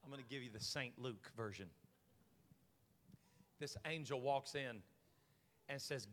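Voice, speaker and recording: A man pastor preaching an animated sermon, telling a story with jokes and swinging from hushed asides to loud shouting. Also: mid-range voice, unhurried, long pauses. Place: large church sanctuary. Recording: long church hall reverb.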